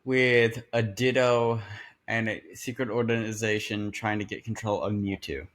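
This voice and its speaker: A man with a somewhat low voice chatting casually. He speaks in a matter-of-fact way and calmly sets the details straight. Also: moderate pace. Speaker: podcast participant. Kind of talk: casual chat.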